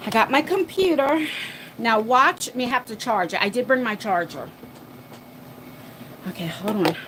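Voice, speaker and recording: A chatty woman hosts a live stream from her home, a little out of breath as she sets up her laptop. Her voice sits on the higher side, with faint room noise behind her. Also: expressive, fairly bright tone, low-quality recording. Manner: chatty, talks to viewers and her dog while rushing around. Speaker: livestream host. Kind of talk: casual live chat. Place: home, moving between floors.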